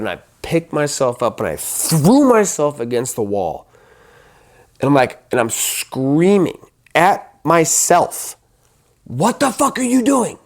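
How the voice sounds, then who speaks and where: A man giving a personal testimony as a recovery advocate, talking intensely and profanely, with emphatic repeats and restarted phrases. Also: medium pitch. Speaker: recovery advocate telling his story.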